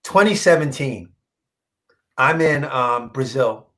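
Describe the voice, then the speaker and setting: A man's voice: medium pitch, low-quality recording. Emotional man telling a story. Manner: animated, acts out quoted dialogue; emotional, halting repeats. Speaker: comic book artist guest. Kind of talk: casual interview storytelling.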